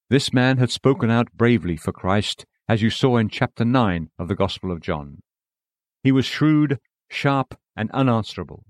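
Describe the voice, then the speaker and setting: A man's voice: mid-range voice, no room sound, clean studio sound. A man reading an old sermon aloud in an earnest, pleading, emphatic manner. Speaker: preacher.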